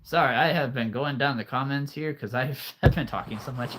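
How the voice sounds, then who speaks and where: A man's voice: medium pitch, a little fast, hardly any pauses, fairly bright tone, a little hiss or hum. A man hosting a casual livestream, rambling through viewer comments with frequent chuckles and playful wordplay, a little out of breath. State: a bit out of breath. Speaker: livestream host, figure collector.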